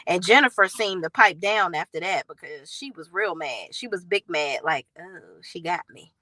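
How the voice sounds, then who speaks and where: A woman hosting a reality TV recap vlog, talking bluntly and with sass, in slangy, animated storytelling. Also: on the low side, moderate pace, no room sound, poor audio. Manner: blunt, sassy, slangy commentary; animated storytelling with acted quotes.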